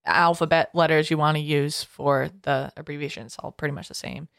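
A woman's voice: sits low, fairly even intonation, gravelly, a bit bright, no room sound, studio quality. A woman co-hosting a podcast, chatting in a bubbly, jokey way. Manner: bubbly, jokey, quick to laugh. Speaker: podcast co-host. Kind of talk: casual chat.

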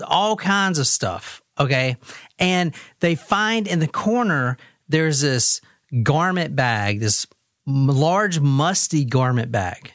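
A woman hosting and telling a true-crime case in casual chat, expressive and laughing often. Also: deep voice, no room sound, studio quality. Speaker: host.

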